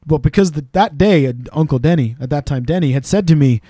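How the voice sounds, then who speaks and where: Animated man telling funny stories. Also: fairly high pitch, dry recording, clean studio sound. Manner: animated, laughs at own stories, does quick voices of people he quotes. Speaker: podcast co-host. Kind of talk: casual storytelling chat.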